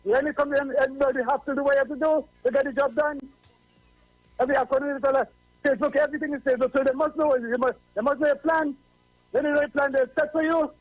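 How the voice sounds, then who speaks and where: A man's voice: extremely high pitch, steady tone, fast talker, no echo, faint music behind. A man with a Trinidadian accent calling in to a radio show, preachy and repeating himself for emphasis. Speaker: radio caller. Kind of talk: call-in radio talk. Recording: dull lo-fi call-in line.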